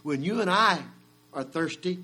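Man, high voice, preacher, sermon, builds to shouts then drops low, mains hum. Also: lively intonation, measured pace, breathy edge. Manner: swelling to a shout at peaks, then dropping low.

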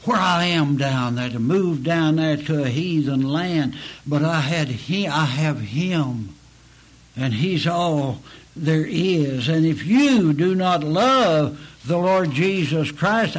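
Slow, husky-voiced man preaching. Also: fairly high pitch, lively intonation, low-quality recording. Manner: slow, earnest pleading preaching with rising emphatic peaks. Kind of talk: sermon.

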